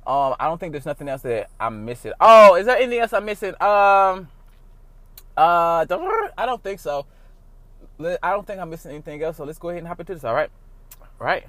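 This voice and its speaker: A fairly high-voiced man hosts his podcast with loose, slangy, profane energy. He is from St. Louis and talks in a casual, animated way, swinging between hype and laid-back. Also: fast talker, dry recording. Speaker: podcast host. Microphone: phone call recording.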